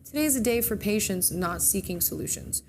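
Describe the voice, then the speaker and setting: Animated and fairly quick, a woman with a medium-pitched voice chats through the horoscopes on the morning show she co-hosts. She stumbles now and then and corrects herself. The recording has slight background noise.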